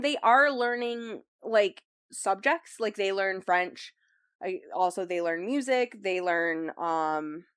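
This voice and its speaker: A woman's voice: medium pitch, fairly bright tone, smooth, dry recording, clean studio sound. A young woman casually summarizing a novel on a podcast, rambling with lots of likes and ums. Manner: rambling, filler-heavy, says "like" and "um" often. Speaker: book club host recapping the book.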